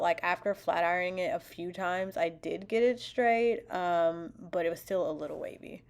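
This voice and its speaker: A woman's voice: lowish voice, darkish tone. A woman talking through a hair tutorial in a casual voice-over, chatty and full of fillers, laughing at herself now and then. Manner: self-deprecating, laughs at herself. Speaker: beauty vlogger.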